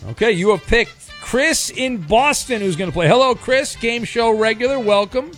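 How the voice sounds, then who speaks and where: A man's voice: extremely high pitch, normal speed, a bit bright, soft background music. A man hosting a sports radio show, running a game show bit in a chatty, joking way with lots of fillers.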